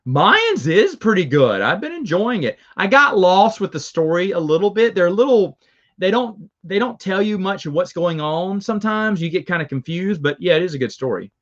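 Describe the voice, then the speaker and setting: A Southern man running a review show holds a casual live chat with viewers, rambling and chuckling throughout. His high voice swings widely in pitch at a moderate pace with a fairly bright tone, heard through a muffled recording.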